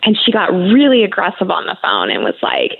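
A woman's voice: mid-range voice, huge pitch swings, a little fast, vocal fry, husky. Woman talking candidly on tinny radio audio. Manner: candid, conversational, many fillers. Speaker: guest sharing her cancer story. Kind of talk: emotional interview conversation.

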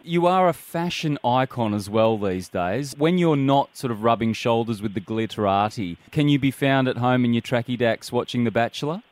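A man's voice: medium pitch, animated, moderate pace, few pauses. A man hosting a breakfast radio show, asking playful questions of a guest. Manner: jokey, upbeat interviewer. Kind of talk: casual radio interview.

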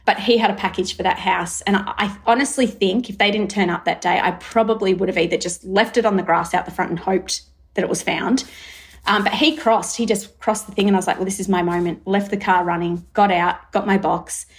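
Animated Australian woman telling a story. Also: mid-range voice, brisk. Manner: lively, acts out her own thoughts in quotes, many fillers. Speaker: brand founder, guest.

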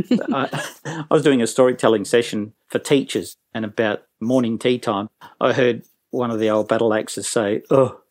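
A man's voice: mid-range voice, normal speed. An enthusiastic man, a business trainer telling jokey stories as an interview guest. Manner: enthusiastic, jokey, puts on voices.

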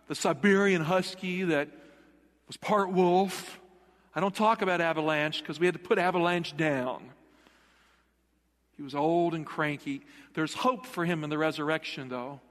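Man preaching, high voice, emphatic, rhetorical questions, long hall reverb. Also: a little slow, a bit bright. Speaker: pastor. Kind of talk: sermon. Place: church sanctuary.

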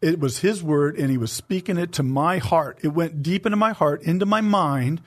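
Earnest man giving a faith testimony. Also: fairly high pitch. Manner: earnest, emotional, slows for emphasis. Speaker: co-host of a Christian talk show. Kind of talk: personal testimony in faith talk.

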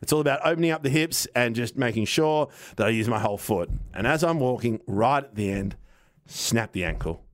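A man, telling a casual, animated anecdote on a podcast, acting out what people said and swearing now and then. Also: mid-range voice, a little fast. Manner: animated, rambling anecdote with acted-out quotes and swearing. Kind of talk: casual storytelling chat.

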